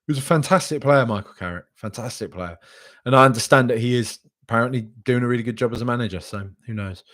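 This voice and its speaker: A man's voice: medium pitch, fast talker, fairly bright tone. A man hosting a live podcast, reacting casually and reading out chat messages, with lots of ums and restarts. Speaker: podcast host.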